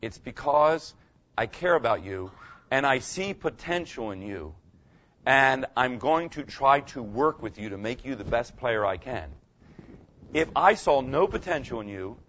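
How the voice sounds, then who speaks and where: A man's voice: mid-range voice, a bit bright, dull audio. An older male pastor giving a folksy, conversational sermon, often checking in with his listeners. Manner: folksy, conversational preaching, asks the audience "okay?" often.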